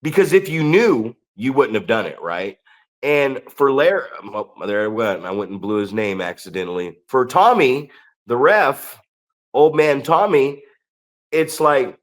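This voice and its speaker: A man's voice: medium pitch, expressive, a little slow. Rambling, profane man wrestler. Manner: rambling, profane, with frequent restarts. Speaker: podcast co-host, pro wrestler. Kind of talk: casual chat.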